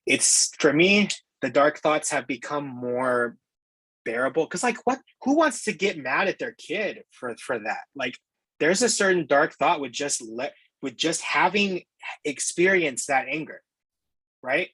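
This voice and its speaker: Husky-voiced man, candid and reflective. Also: fairly high pitch, animated, unhurried, fairly bright tone, no echo, rough recording. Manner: reflective and candid, casual swearing. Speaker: interview guest. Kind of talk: casual interview chat.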